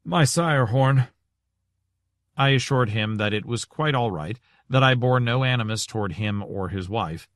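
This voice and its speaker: Low-voiced male audiobook narrator. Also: moderate pace, hardly any pauses, fairly bright tone, no room sound, studio quality. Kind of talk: scripted narration.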